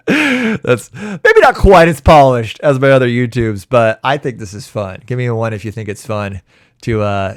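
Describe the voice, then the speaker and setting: A man's voice: on the low side, no echo, clean studio sound. Casual, chatty male relationship coach. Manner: casual, repetitive restarts, laughs easily. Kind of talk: live-stream Q&A.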